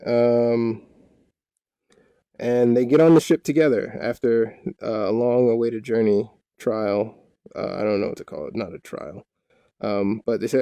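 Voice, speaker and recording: A man's voice: lowish voice, steady tone, unhurried, dark tone, smooth, dry recording, clean studio sound. A man acting as dungeon master, retelling the group's adventures in a rambling, joking way. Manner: rambling, joking, full of fillers. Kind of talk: casual storytelling recap.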